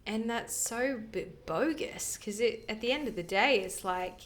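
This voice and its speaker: A woman co-hosting a podcast chats casually, earnest and rambling, with plenty of fillers. Her voice is a little high and fairly bright, and her pace is unhurried.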